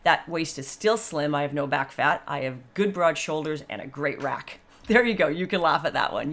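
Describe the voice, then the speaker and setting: A woman in her fifties talking in a blunt, chatty, animated monologue. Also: low voice, moderate pace, few pauses. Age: 50s. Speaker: vlogger. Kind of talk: casual monologue.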